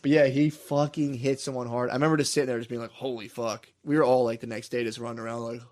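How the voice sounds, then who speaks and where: A man's voice: medium pitch, flat delivery, very fast, a little mellow. A young man co-hosting a podcast, telling rambling, profane stories in casual chat and laughing often. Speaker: podcast co-host.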